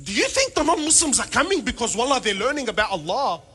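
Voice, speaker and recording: A man giving a humorous religious talk to an audience, animated and full of rhetorical questions, with Arabic phrases mixed in. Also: extremely high pitch, fast talker, few pauses, slight background noise. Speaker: panel speaker.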